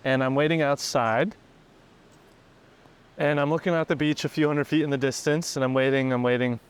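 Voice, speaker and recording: A young man, a company CEO appearing as a guest, telling casual stories in an animated way and laughing between lines. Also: medium pitch, normal speed, smooth. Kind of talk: casual storytelling.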